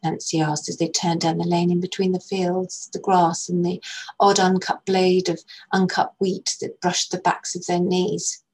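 The narrator, an actress, lends a low, softly husky voice to a literary short story, reading gently and with measured calm as she passes between the characters' lines. It's a low-quality recording.

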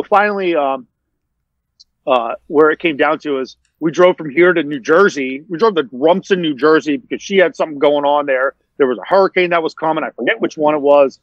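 A man's voice: fairly high pitch, no echo. A man, a podcast guest, telling a long casual story full of fillers and restarts. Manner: rambling, many fillers and restarts. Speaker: interview guest. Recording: dull, dry sound.

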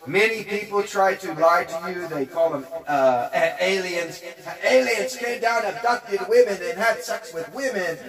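A man's voice: sits high, unhurried, a crowd in the background. A man preaching in a blunt, profane, combative rant, hammering home his points with repetition. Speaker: religious teacher.

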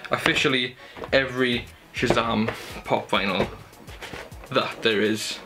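A man's voice: mid-range voice, fairly even intonation, measured pace. A young man, chatty and enthusiastic, showing off his Christmas gifts at home in a casual haul video. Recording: background music under the voice. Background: music playing.

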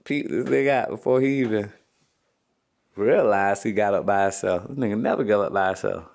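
A man's voice: on the low side, fairly quick, gravelly, a little mellow. A man, a father hosting a casual family vlog at home, ribbing his kids with profane jokes and frequent laughs. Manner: teasing, profane, joking banter.

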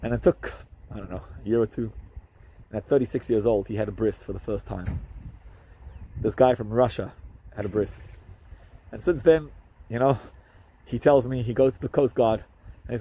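A man, a rabbi, telling a story to camera in an animated way, with hesitant restarts and fillers. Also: normal speed, pauses often, breathy edge, rough recording. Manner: animated, jumps up in pitch for quoted speech.

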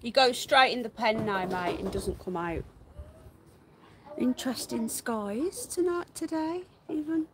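A woman's voice: a little high, expressive, unhurried, a crowd in the background. A woman hosting a live stream from her garden, chatting casually, greeting viewers by name and calling out to her pets. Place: garden outdoors.

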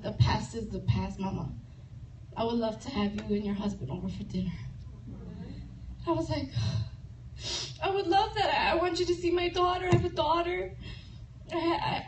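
A woman preaching at a women's retreat, telling a personal story animatedly and often laughing or tearful while acting out conversations. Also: a little high. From Chicago. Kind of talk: testimony sermon. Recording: echoey room from far off with noise.

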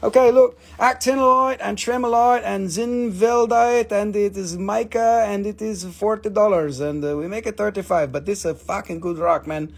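A man hosting a live crystal sale in casual, playful chat. He jokes, gets excited easily and drifts into broken-English sales talk. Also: high voice, moderate pace, creaky, hardly any pauses. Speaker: host selling crystals on a live stream.

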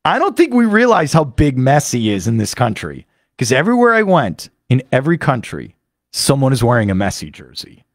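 An American man, a sports radio host, talking fast and eagerly in a studio monologue. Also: mid-range voice, wildly swooping pitch, no echo. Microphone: studio microphone.

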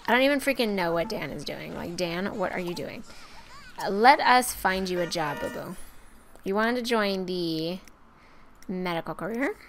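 Young female let's-player, animated and talky, voice leaping up and down as she reacts to the game. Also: mid-range voice. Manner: chatty and excitable, talks to the game characters. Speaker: let's play host. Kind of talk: casual gameplay commentary.

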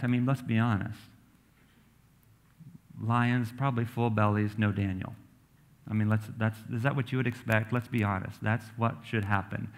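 Conversational preaching man. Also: mid-range voice. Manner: conversational preaching, reading scripture aloud with asides. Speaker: pastor. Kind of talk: sermon. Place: church sanctuary.

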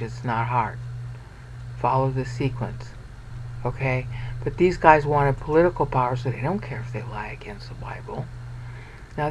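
A man's voice: medium pitch, a little hiss or hum, low-quality recording. A man teaching a Bible study over a shared screen, blunt and sarcastic, pointing things out and checking in with "okay".

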